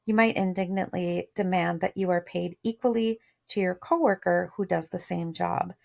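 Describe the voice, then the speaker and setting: A woman's voice: fairly low pitch, normal speed, gravelly, darkish tone. A woman teacher reading a storybook aloud, chatty, stopping to explain words and share thoughts. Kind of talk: read-aloud lesson with commentary.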